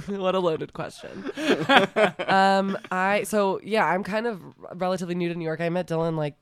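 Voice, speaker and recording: A woman's voice: on the low side, normal speed, clean tone. Giggly young woman podcast guest. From Minnesota. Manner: giggly, chatty, self-deprecating. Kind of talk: casual chat.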